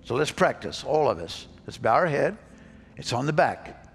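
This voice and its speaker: Male pastor, coaxing kids through call-and-response, lively gravelly voice. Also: mid-range voice, normal speed. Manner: upbeat, coaxing, repeats phrases for kids. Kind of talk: leading children in call-and-response. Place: church sanctuary.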